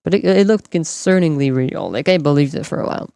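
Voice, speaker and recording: A man's voice: on the high side, quick pace, vocal fry, mellow, clear, resonant tone, dry recording, studio quality. A man whose first language is French, speaking with a light French accent. He chats with his stream while gaming, joking, swearing and laughing often, and he sounds tired from staying up all night. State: tired from no sleep. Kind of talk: casual gaming stream chat.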